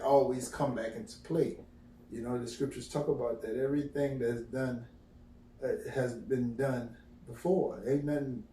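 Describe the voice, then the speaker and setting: A vlogger with a mid-range voice tells rowdy, profane stories to camera, animated and casual, acting out the quotes. He's off-mic at a distance in an echoey room.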